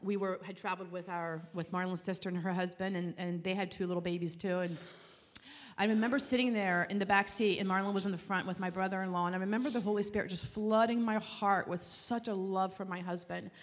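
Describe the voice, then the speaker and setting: A woman's voice: medium pitch, steady tone. Woman telling her testimony in a reverberant hall. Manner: earnest and heartfelt, with halting restarts. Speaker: speaker giving a Christian testimony. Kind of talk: personal testimony storytelling. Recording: long reverb, as in a large hall.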